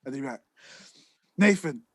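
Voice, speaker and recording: A man's voice: high-pitched, fairly quick, no room sound, clean studio sound. A young man, chatting casually and rambling as a podcast co-host. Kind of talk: casual chat.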